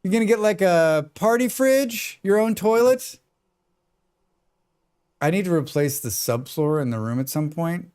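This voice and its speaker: A man's voice: high voice, animated, measured pace, a little mellow, clean tone. An American man chatting casually and joking with his chat while he plays a survival game on a live stream.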